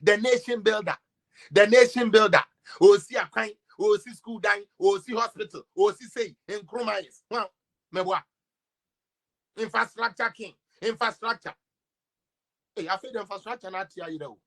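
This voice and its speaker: A man with a Ghanaian accent delivering a mocking, sarcastic political rant, swinging between loud outbursts and low mutters. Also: moderate pace, gravelly. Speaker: political commentator.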